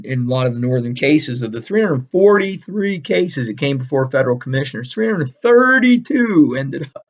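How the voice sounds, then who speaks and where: A man giving a casual, animated history lecture, emphatic and repeating key words, with frequent laughs. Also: mid-range voice, vocal fry, lo-fi sound. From northern United States. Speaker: history teacher.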